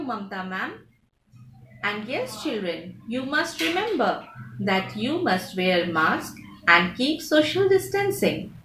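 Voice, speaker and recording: Slow Indian English program presenter. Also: female voice, a little high, fairly bright tone. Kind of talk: announcing a school program. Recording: echoey room, faint noise.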